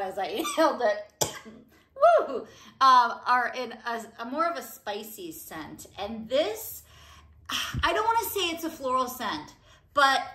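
A woman beauty vlogger chatting casually about products she loves, gushing and excitable with a rambling flow. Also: on the high side. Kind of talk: casual product review chat.

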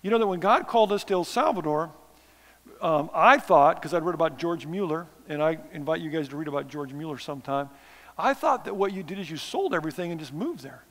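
A man's voice: a little high, animated, a little fast, long reverb tail. A man preaching a missions sermon, conversational and self-deprecating, with sarcastic asides. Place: church sanctuary.

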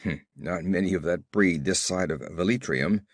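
A man voicing a gruff, brawny barbarian warrior who talks in curt growls, read as an audiobook character. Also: low voice, normal speed, dry recording, clean studio sound, voice pushed down.

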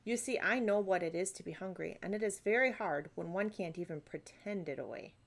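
Polite, earnest storybook girl, gentle delivery, read by a woman. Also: mid-range voice, brisk, gravelly.

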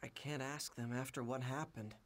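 A man's voice: mid-range voice, fairly even intonation, normal speed, close to an everyday voice. An actor voicing a brash, edgy young male fighter in a video game, blunt and suspicious. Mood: puzzled. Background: game music.

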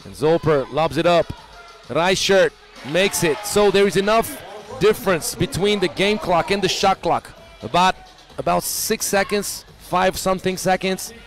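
A man giving live basketball play-by-play, excitable and rising to shouts on big plays. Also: sits high, unhurried, soft background music. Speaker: play-by-play commentator.

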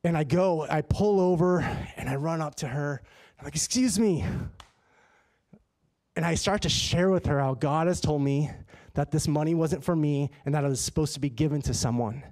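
A man preaching a sermon in a church, telling a personal story in a lively, conversational way. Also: a little high, brisk, few pauses. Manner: animated and conversational, acts out his own dialogue. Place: church sanctuary.

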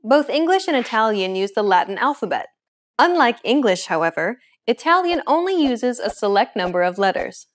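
Woman teaching a beginner language lesson, clear explaining voice, scripted. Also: on the high side, sing-song, normal speed.

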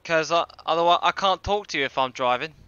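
A man's voice: on the high side, fast, bright, forceful tone, clean tone, dry recording, highs cut off. A young man swearing, laughing and giving orders as a platoon sergeant in casual game voice chat. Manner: laughs often, swears freely, gives orders.

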